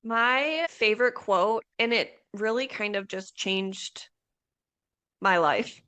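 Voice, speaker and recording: A woman guest on a farm podcast, speaking in a relaxed, candid and blunt way. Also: mid-range voice, takes it slowly, clean tone. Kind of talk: casual interview chat.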